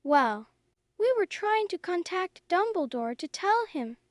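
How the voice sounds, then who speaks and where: A woman reading the lines of a quick-witted teenage girl witch in a storybook, nervous and urgent. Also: extremely high pitch, very animated, no room sound, clean studio sound, full character voice.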